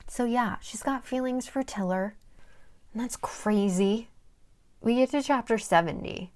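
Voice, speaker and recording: A woman's voice: mid-range voice, measured pace, a little mellow. A young woman casually recapping a novel's plot, chatty and dramatic, swearing and making asides, sometimes reading passages aloud. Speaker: book summary vlogger.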